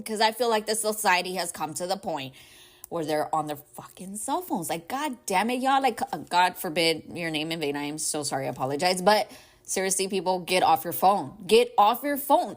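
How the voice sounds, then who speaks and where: A woman hosting a casual advice podcast, talking in a rambling, heartfelt way, sometimes close to tears. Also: medium pitch. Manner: rambling and heartfelt, with many "like", "right?" and "y'all". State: emotional, near tears at times. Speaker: podcast host.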